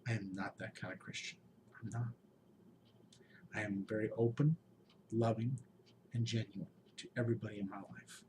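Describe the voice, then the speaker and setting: A man in his late forties giving an emotional personal update to his channel's followers, heartfelt and pleading, often halting with restarts and sighs. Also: on the low side, fairly even intonation, background noise. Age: 40s. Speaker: YouTube game master channel host.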